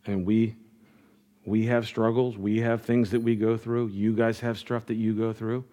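A man's voice: fairly low pitch, little pitch movement, unhurried, dark tone. A middle-aged man preaching a sermon as pastor, earnest and conversational, often restarting his phrases.

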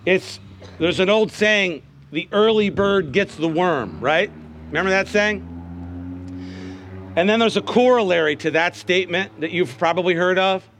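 Middle-aged man, preacher, high and bright, folksy sermon delivery. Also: a little slow, slight background noise. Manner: folksy storytelling, calls out "Amen?" to the congregation.

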